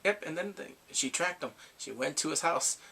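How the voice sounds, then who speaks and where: A man giving a casual, animated recap of drama episodes, laughing and acting out the characters' lines. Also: on the high side, normal speed, vocal fry, breathy edge. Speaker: drama reviewer.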